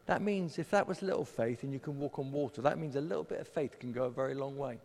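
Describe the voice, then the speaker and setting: A man's voice: medium pitch, quick pace, a little mellow. A man preaching a sermon and leading prayer, conversational with self-deprecating humour. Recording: long hall reverb.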